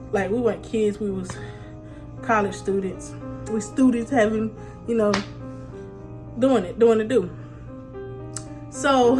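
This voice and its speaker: A woman vlogger telling a funny story in a slangy, animated way, often breaking into laughs. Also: a little high. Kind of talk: storytime vlog.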